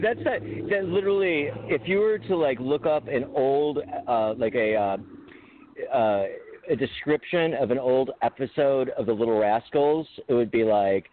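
A man's voice: mid-range voice, normal speed, a little hiss or hum. A man co-hosting a podcast, chatting casually in a rambling, joking way and laughing often. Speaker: podcast co-host. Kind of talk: casual chat. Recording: phone-like call audio.

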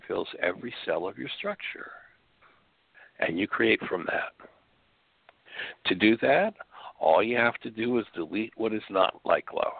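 A man's voice: on the low side, gravelly, slightly rough, no room sound. A man hosting a spiritual radio show, speaking earnestly from his bedroom over the phone, with rhetorical questions. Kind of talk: spiritual teaching talk. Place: bedroom at home. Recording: phone-line call audio, dry.

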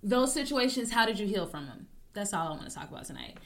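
A young adult woman hosting her own talk show, rambling with many restarts, joking to deflect, swinging between loud bursts and soft mumbles. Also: mid-range voice, very animated, quick pace, creaky. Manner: rambling, self-interrupting, jokes to deflect. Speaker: podcast host. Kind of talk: casual personal talk show.

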